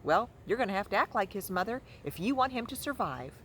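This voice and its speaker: A woman's voice: medium pitch, animated, fast, fairly bright tone, a little hiss or hum, voice pushed up, natural voice. A woman voicing an indignant, bossy old female goose who scolds and lectures. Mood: scolding.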